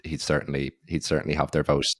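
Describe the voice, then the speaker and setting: A young man with an Irish accent talks in a very deep, monotone voice. He hosts casually and hesitantly, filling gaps as he thinks. The recording is dry and close. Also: quick pace, dry recording. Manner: hesitant, filler-heavy. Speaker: podcast host. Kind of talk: casual interview chat.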